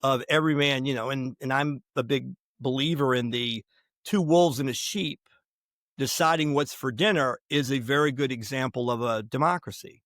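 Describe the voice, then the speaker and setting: An opinionated man holds forth as a podcast guest, mixing history anecdotes with strong views and plenty of restarts. His voice sits at an ordinary male pitch. The recording is close and dry, with no room echo. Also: moderate pace, a bit bright. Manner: emphatic, opinionated, digressive with restarts. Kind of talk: conversational interview, storytelling.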